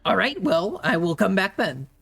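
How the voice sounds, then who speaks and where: A man's voice: high-pitched, big pitch swings, moderate pace, creaky, fairly bright tone, slightly rough, voice pushed up, full character voice. A man doing an older polite stranger.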